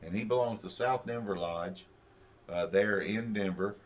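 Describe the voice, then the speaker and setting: Deep-voiced man, halting chat. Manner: halting, many fillers and restarts. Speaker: podcast co-host. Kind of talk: casual chat.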